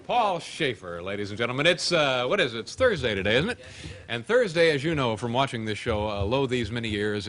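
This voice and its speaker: A man hosting a late-night talk show, reading viewer mail with wry, deadpan asides. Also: medium pitch. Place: television studio with live audience. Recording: studio audience and noise behind.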